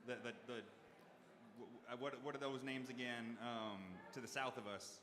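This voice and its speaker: A man's voice: mid-range voice, steady tone, moderate pace, background noise. A man playing a tabletop game live, playful and hesitant, recorded in an echoey hall with a crowd. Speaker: player.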